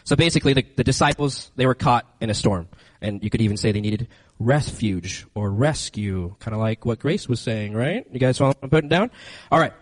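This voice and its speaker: A man preaching a lively, conversational sermon into a handheld microphone, speaking directly to his listeners. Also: medium pitch, brisk, no echo, poor audio. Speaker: youth preacher. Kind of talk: lively sermon with acted-out scenes.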